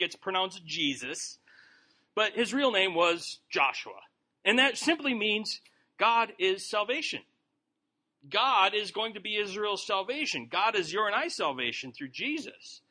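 A man's voice: high-pitched, lively intonation, measured pace, bright, forceful tone. A man leading a Bible study in a folksy, joking, conversational sermon. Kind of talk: informal sermon.

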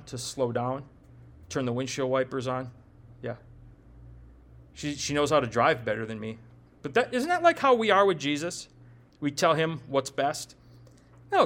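A man with a high-pitched voice preaches a sermon. He keeps it conversational and animated, often slipping into quoted back-and-forth dialogue. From Upper Midwest of the United States. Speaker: pastor.

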